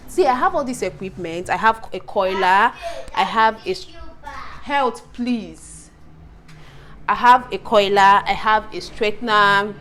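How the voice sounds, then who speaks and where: A young woman chatting to camera in a casual home vlog, animated and exasperated, repeating herself and laughing often. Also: mid-range voice, unhurried, background noise. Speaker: vlogger.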